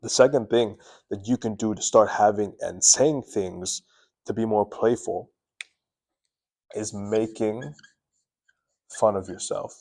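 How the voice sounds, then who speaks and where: Brief: male self-help host, lowish voice, earnest and animated, talks to camera, stumbles and restarts now and then. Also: slow, creaky, pauses often. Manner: earnest, animated, varies tone up and down on purpose, restarts words. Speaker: self-improvement video host. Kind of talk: direct-to-camera advice talk. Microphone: camera mic.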